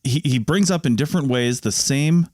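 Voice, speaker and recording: A man's voice: mid-range voice, moderate pace, a little mellow, no room sound, studio quality. A man co-hosting an archaeology podcast, talking in a rambling, skeptical way with frequent restarts. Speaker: podcast co-host. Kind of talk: casual podcast chat.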